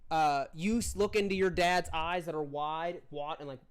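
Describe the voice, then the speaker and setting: A man's voice: on the high side, moderate pace, a little hiss or hum. A man narrating as game master of a tabletop game, rambling and restarting often. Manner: rambling, many fillers and restarts.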